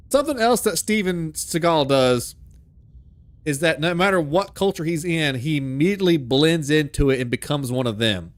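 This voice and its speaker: A man's voice: a little high, animated, moderate pace, no room sound. A man hosting a live horror game stream. He talks casually, rambles, jokes and laughs a lot.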